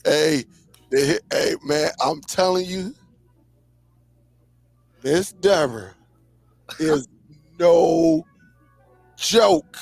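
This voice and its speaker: A man hosting a live stream, telling stories in a lively, casual way, stretching words for emphasis. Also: on the high side, vocal fry, no echo, soft background music. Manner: lively storyteller, drawn-out emphasis, frequent laughs. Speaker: host. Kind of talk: casual chat.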